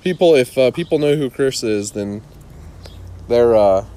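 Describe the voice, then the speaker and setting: A man co-hosts a relaxed chat, his voice sitting in an ordinary middle pitch. He asks questions haltingly, stumbling through fillers and restarts before he gets to the point. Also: a little hiss or hum. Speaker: co-host. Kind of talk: casual chat.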